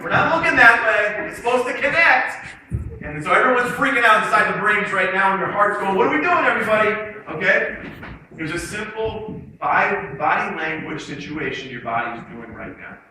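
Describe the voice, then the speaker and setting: A man giving a lively motivational talk to students, leading them through call-and-response exercises. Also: on the high side. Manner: energetic, leads audience in call-and-response exercises. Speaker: motivational speaker. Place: large hall with student audience. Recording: echoey hall from far off, noisy.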